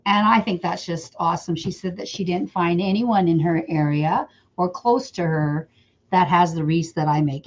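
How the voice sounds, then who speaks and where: A woman's voice: lowish voice, normal speed. A middle-aged woman from Canada teaching wreath making in a casual live stream, chatting with viewers by name as she works. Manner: chatty, talks to viewers by name while working. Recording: slightly dull lo-fi sound.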